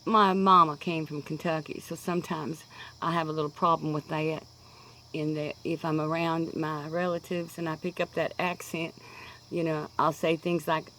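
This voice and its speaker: A pipe-smoking vlogger in her sixties with a Kansas accent rambles casually on her video blog from an outdoor deck, going off track. Her low voice has little pitch movement and a moderate pace, sounding pushed and bright over slight background noise in poor audio.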